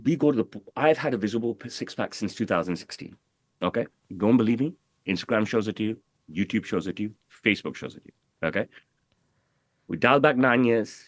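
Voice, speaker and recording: This guest, a middle-aged tailor, talks in a fairly low, expressive voice at a fairly quick clip, with no echo. His casual interview is brash, profane, and emphatic, loaded with "bro" and "you know what I mean."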